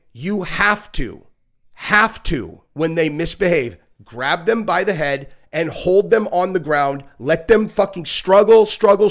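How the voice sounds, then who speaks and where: A man with a fairly high voice hosts a casual live reaction stream. He rambles bluntly, swears freely and leans on fillers. When he acts out kids or dogs, he jumps into high, shrieking squeals. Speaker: podcast host.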